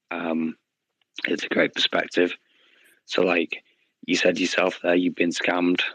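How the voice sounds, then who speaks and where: Low flat-voiced man in casual chat. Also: dry recording, muffled recording. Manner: friendly, advising, calls listener "bud". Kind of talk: casual audio chat room talk.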